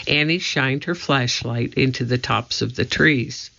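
Storybook reader: man, slow and gravelly, dull lo-fi recording. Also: medium pitch, sharp tone. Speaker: narrator. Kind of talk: reading a children's book aloud.

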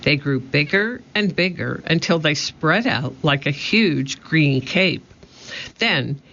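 Man, children's storybook narrator, slow, bright, muffled. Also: fairly high pitch. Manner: steady, expressive reading. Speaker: audiobook narrator. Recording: muffled lo-fi audio.

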